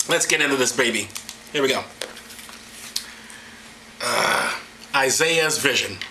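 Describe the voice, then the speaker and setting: A man's voice: mid-range voice, lively intonation, takes it slowly, bright, forceful tone, a little hiss or hum, rough recording. A man reading scripture aloud as comedy, sarcastic and profane, stumbling and laughing over the text. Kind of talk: irreverent comedic Bible reading.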